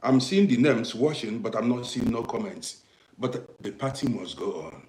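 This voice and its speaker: A man from Africa with an African English accent, hosting a livestream and talking to his viewers in an emphatic way, checking that they understand and breaking into loud bursts. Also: medium pitch, lively intonation, moderate pace, echoey room. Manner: emphatic, repeats "do you understand me", swings from quiet to loud bursts. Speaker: livestream host. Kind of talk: live-streamed commentary to viewers.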